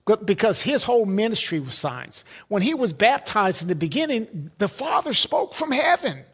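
A man's voice: high-pitched, sing-song, moderate pace, fairly bright tone, breathy edge. A man preaching a sermon, emphatic, repeating words and building lists.

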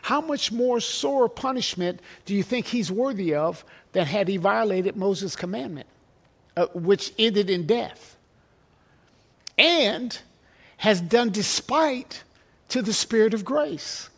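Man, pastor, high voice, earnest emphatic sermon, verse-by-verse teaching. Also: animated, takes it slowly, gravelly, fairly bright tone. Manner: earnest, emphatic teaching with scripture quotes and repeated phrases.

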